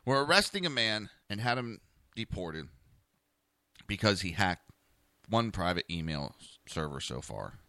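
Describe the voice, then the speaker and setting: A man's voice: fairly low pitch, big pitch swings, a little slow, long pauses, pushed and bright, dry recording, clean studio sound. A man with a New Jersey accent hosting a talk radio show, ranting bluntly and cursing freely. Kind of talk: opinionated talk radio rant.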